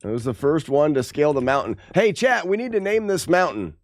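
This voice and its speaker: Gravelly, lively man streaming. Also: fairly high pitch, a little fast, no echo. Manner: playful trash talk. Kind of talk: live gameplay commentary to chat.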